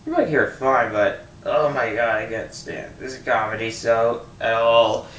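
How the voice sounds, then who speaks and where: A fed-up man tearing into a film in a rambling, cursing rant, often breaking off and starting sentences over. His voice sits at a middling pitch. It comes through a built-in camera mic in a roomy, echoing space with a faint hiss behind it. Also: animated, unhurried, a bit bright. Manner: exasperated, rambling, swears, restarts sentences. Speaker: film reviewer. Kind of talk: angry movie review rant. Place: home room. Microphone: built-in camera microphone.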